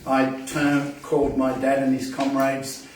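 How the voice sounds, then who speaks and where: A man reading and reciting verse at an open mic, halting in speech and bold in recitation. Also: mid-range voice, completely flat delivery, a little hiss or hum. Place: poetry event venue. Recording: very echoey room, distant mic.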